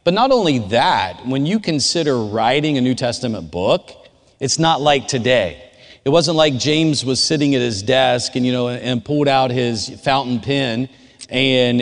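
A man giving a relaxed, conversational sermon. He tells personal stories and talks directly to his audience. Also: mid-range voice, normal speed. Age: adult. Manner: informal, storytelling, speaks directly to the audience. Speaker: chapel speaker. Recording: long hall reverb.

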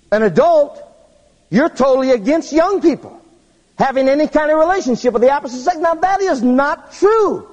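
A man preaching a humorous sermon, telling stories in an animated way and jumping to squeaky high tones for effect. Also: long reverb tail.

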